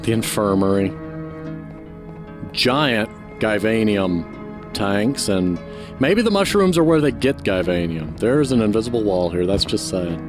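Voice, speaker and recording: A man's voice: lowish voice, lively intonation, measured pace, music in the background. Chatty man reviewing a game. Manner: chatty, critiquing, offhand. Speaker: gaming channel host. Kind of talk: let's play commentary.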